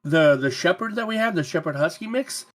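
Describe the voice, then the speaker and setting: Guy on a podcast bantering with friends, kinda high, voice bounces around a lot, teasing. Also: lively intonation, brisk, a bit bright. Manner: teasing, argumentative. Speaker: podcast co-host and streamer. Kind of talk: casual chat.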